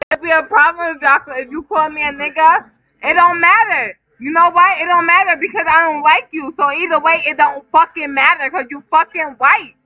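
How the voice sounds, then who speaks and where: A woman's voice: very high-pitched, moderate pace. A drunk woman livestreaming, giggling and teasing someone in repetitive casual banter. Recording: dull lo-fi stream audio.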